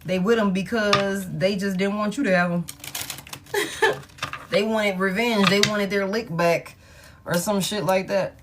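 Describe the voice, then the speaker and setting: A woman's voice: mid-range voice, steady tone, unhurried, pauses often, noisy background. Candid, profane woman tarot reader. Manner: candid and profane, laughs often, talks straight to her viewers. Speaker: tarot reader hosting a live stream. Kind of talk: casual live-stream tarot chat.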